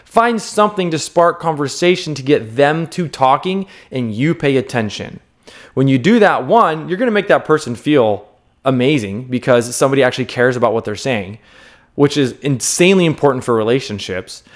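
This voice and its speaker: A man in his thirties talking straight to camera, giving unscripted self-help advice in an earnest, emphatic way, repeating key words and checking in with the viewer. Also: fairly high pitch. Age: 30s.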